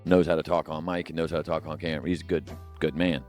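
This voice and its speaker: Low-voiced male podcast co-host, loose and rambling, joking to himself, faint music underneath. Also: flat delivery, fast, darkish tone. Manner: rambling, jokey, lots of fillers and asides. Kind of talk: casual solo podcast rambling. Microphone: headphones and studio mic.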